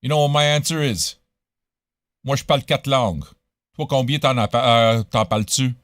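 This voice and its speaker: A man's voice: mid-range voice, a little fast, fairly bright tone, dry recording, clean studio sound. Profane, rambling man. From Montreal, Canada. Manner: profane, rambling, switches into French. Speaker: radio show host. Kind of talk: casual livestream chat.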